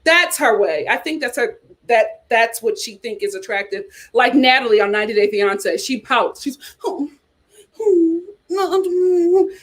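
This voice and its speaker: A woman hosting a reality TV commentary livestream, sassy and animated, reading viewer super chats aloud. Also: on the high side, normal speed.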